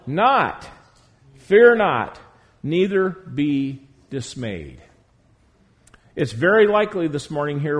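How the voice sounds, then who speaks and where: A man preaching a sermon to a congregation in a church, emphatic, drawing out key words slowly. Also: medium pitch. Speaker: pastor.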